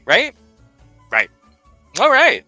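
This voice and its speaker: Bright, lively male host with rhetorical questions. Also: very high voice, drawn-out words, no echo, soft background music. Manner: animated, peppers talk with rhetorical questions and jokes. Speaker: librarian co-host of a live research show. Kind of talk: casual live instructional chat.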